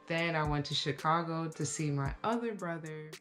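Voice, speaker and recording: A woman in her thirties giving a casual, reflective life update to camera, talking slowly with many fillers. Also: deep voice, soft background music. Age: 30s. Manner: relaxed, reflective, with frequent fillers. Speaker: vlogger.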